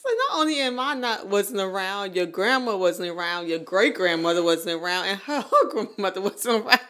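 A woman in her late thirties co-hosting a podcast, chatting casually, laughing often and telling stories with animated energy. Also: mid-range voice, moderate pace. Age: 30s. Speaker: podcast co-host. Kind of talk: casual chat. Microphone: USB condenser microphone.

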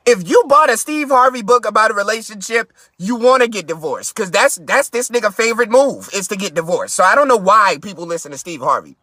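A man hosting a live stream, ranting in a profane, mocking way from his car and sometimes breaking into shouts. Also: high voice, lively intonation, fairly quick, hardly any pauses, no echo. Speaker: podcast host.

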